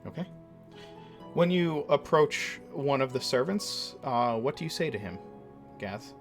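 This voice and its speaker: A man narrating as dungeon master of a tabletop game, measured and full of uhs and ums. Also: medium pitch, animated, soft background music. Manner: measured, with frequent uh and um.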